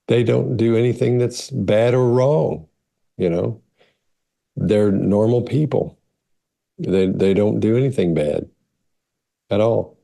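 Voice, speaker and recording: A man's voice: deep voice, vocal fry, dark tone. A man, a body language expert, casually answering viewer questions in a rambling way, often restarting his phrases. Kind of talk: casual explanatory talk.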